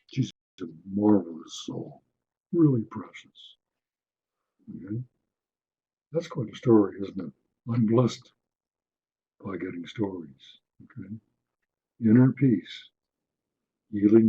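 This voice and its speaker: A man giving a webinar lecture, unhurried, often checking in with his listeners. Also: fairly low pitch, lively intonation, breathy edge, lo-fi sound. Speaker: webinar presenter on attitudinal healing.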